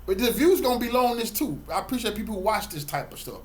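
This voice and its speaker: A middle-aged man speaks straight to his viewers in a preachy, emphatic flow. His voice sits a little high for a man, and he stacks up repeated words when he's fired up. It's a loose, heartfelt monologue to camera. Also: very animated, quick pace. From Texas, Galveston County. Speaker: channel host and community activist.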